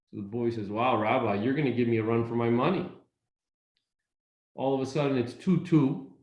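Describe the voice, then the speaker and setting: A man telling an inspirational story in an animated way, speeding up in quick bursts. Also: medium pitch. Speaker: community speaker. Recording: echoey room.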